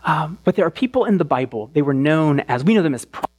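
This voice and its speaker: A man's voice: fairly high pitch, fast. A man preaching a sermon in a conversational way, often checking in with the crowd and restarting his phrases. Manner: animated, with frequent restarts. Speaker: pastor.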